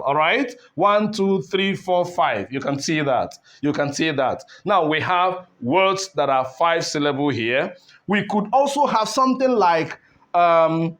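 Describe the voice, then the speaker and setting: Male online English teacher, high and animated, slow deliberate delivery, repeats words, checks in with listeners. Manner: slow, deliberate, repeats words and syllables, asks "all right?". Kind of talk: online pronunciation lesson.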